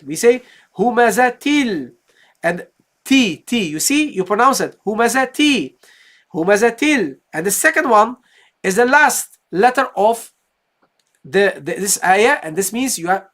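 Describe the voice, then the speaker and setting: A woman's voice: on the high side, expressive, moderate pace, a bit bright. A woman teaching Quran recitation in a live online lesson. She explains step by step, asks and answers her own questions, and often checks in with "okay, guys?".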